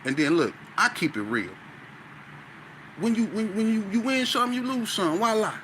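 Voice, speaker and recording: A man, a guest on an interview show, telling a story in an animated, slang-heavy way with stuttering restarts. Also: high-pitched, normal speed, slight background noise, poor audio.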